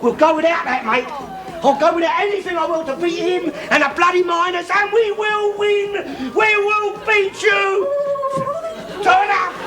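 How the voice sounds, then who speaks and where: An actor playing a loud, bigoted middle-aged working-class man in a 1970s TV sitcom, ranting and swearing constantly. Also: high-pitched, animated, moderate pace, crowd noise. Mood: furious. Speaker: bigoted head of the household. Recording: hissy old TV soundtrack.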